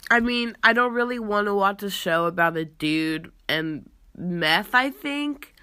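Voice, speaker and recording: A young woman hosts a laid-back podcast, unhurried and stretching out her words. She is stuffy and congested from a cold, and she lets out sarcastic, exasperated sighs. Her voice sits close and dry, with no room around it. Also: mid-range voice, lively intonation, sharp tone, smooth, no room sound. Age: young adult. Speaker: podcast host. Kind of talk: casual chat.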